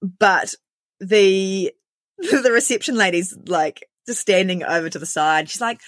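A woman's voice: lowish voice, fairly bright tone, dry recording, studio quality. A woman, candidly retelling a personal ordeal and acting out the lines of everyone in it. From New Zealand. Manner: candid, quick, full of quoted dialogue. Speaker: interviewee. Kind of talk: recounting a personal story.

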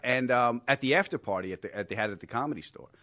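A man hosting a casual podcast, telling his own stories in an animated way and chiming in with quick reactions. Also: mid-range voice, no echo. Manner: animated storytelling with quick interjections. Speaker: podcast host. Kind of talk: casual interview chat.

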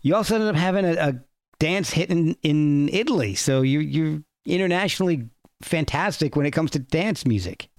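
A man's voice: fairly high pitch, lively intonation, normal speed, dry recording, clean studio sound. A man hosting an interview podcast, asking questions and giving short encouraging reactions. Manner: encouraging, brief reactions and laughs. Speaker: podcast host.

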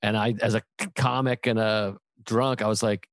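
A man's voice: lowish voice, steady tone, moderate pace, few pauses, no echo. Self-mocking man telling a story, dry close mic. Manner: candid, self-mocking, quotes himself with profanity. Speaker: comedian podcast host. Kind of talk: casual storytelling chat.

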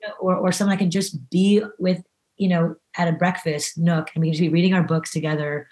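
A woman's voice: fairly low pitch, steady tone, brisk, darkish tone. A woman being interviewed in a podcast, talking casually and earnestly, with lots of fillers and restarts. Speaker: podcast guest.

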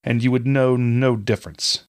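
A man's voice: medium pitch, fairly even intonation, moderate pace, natural voice. A man voicing a stern male tutor who speaks with cold disgust.

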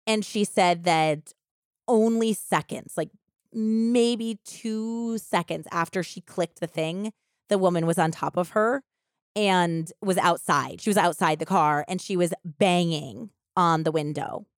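A woman co-hosting a podcast, retelling a true crime story in animated, casual chat and filling it with "like" and quoted voices. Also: lowish voice, a little slow, clean tone, dry recording, clean studio sound. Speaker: podcast co-host.

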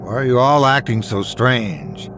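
A man's voice: mid-range voice, lively intonation, measured pace, over music, natural voice. A man voicing a practical wife and mother who turns firm and wary, in a horror story reading.

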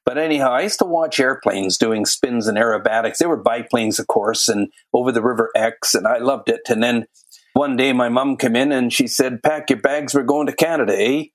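An older man of Welsh origin speaks as an interview guest at a mid pitch. He is genial and anecdotal, with a dry sense of humor. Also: moderate pace, poor audio. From Wales. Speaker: guest, volunteer chief pilot. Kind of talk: casual interview chat.

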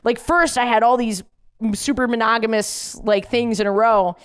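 A comedian woman co-hosting a podcast, chatting casually and swearing as she tells animated stories. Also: a little high, moderate pace, clean tone. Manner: animated storyteller, swears freely. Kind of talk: casual chat.

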